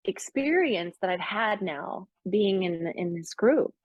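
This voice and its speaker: A middle-aged woman coach talking openly in a casual conversation, animated and emotional, laughing often as she tells stories. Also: medium pitch, takes it slowly, husky, no room sound, dull audio. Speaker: business coach.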